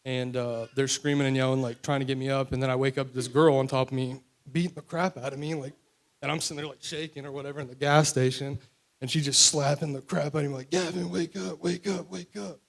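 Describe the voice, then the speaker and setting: A young man from West Virginia shares his personal recovery testimony in a candid, rambling way, full of fillers. His mid-range voice has a flat delivery, and he talks fast.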